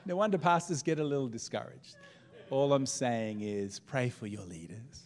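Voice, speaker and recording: A middle-aged man delivers a sermon from the pulpit. His voice sits a little high, and he mixes humor and anecdotes with wide, animated swings of pitch and volume. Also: moderate pace. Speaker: pastor.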